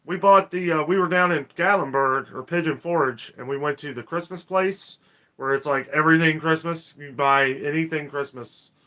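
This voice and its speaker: Bright-voiced chatty man hosting a live stream. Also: a little high, normal speed. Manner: rambling, chatty, apologetic, laughs often. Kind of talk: casual live-stream chat, reading viewer comments aloud.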